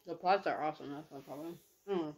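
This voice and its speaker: A young woman with a slightly low voice tells a story casually into her camera between bites. Her talk is chatty and slangy, packed with "like" and acted-out reactions. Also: fairly quick, breathy edge. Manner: chatty, slangy, animated retelling with lots of "like". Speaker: vlogger. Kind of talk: casual storytime while eating.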